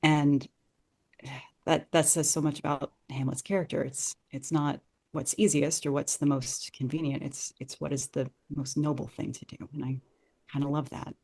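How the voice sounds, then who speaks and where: A woman's voice: low voice, flat delivery, normal speed, darkish tone. A woman talking as a podcast guest, thinking aloud in an earnest, enthusiastic way as she analyses a text. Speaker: podcast guest discussing Shakespeare. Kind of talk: conversational analysis.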